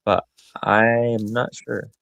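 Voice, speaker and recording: A man's voice: fairly low pitch, level tone, slow, vocal fry, a bit bright, no echo, dull audio. A man joining a livestream as co-host, talking casually and a little hesitantly. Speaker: co-host guest. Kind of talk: casual chat.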